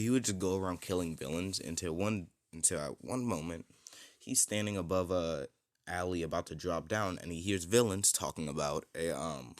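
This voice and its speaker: A man's voice: low-pitched, dry recording, clean studio sound. A young man improvising a fan story, rambling and hesitant with many fillers.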